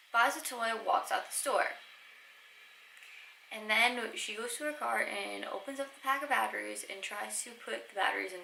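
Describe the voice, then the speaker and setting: A chatty young woman with a bright voice that drops into gravelly fry, swearing freely as she tells stories to her camera. The sound comes from an echoey room with a faint hum behind her. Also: medium pitch. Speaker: vlogger. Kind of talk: casual storytime.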